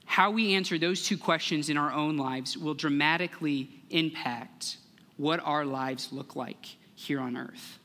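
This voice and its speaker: A young man giving a sermon as a guest speaker, telling a story in an earnest, measured way and acting out the voices in it. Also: a little high, pushed and bright. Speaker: guest speaker, church relations director. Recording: long hall reverb.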